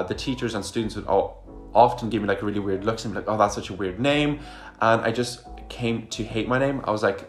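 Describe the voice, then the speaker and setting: A young man, chatting casually through a storytime vlog, full of fillers and asides. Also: fairly low pitch. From Ireland. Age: young adult. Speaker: vlogger.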